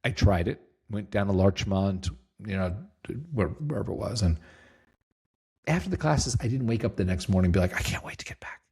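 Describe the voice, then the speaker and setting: Low, husky-voiced man telling a story. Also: moderate pace. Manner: lively storyteller, acts out quotes, laughs easily. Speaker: guest, company CEO. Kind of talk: casual storytelling interview.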